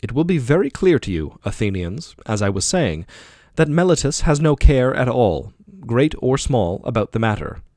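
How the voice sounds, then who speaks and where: A man's voice: mid-range voice, big pitch swings, moderate pace, warm tone, no room sound, studio quality, lightly acted. A man reading the part of an aging male philosopher defending himself in court, with probing, rhetorical questioning. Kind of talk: audiobook dialogue reading.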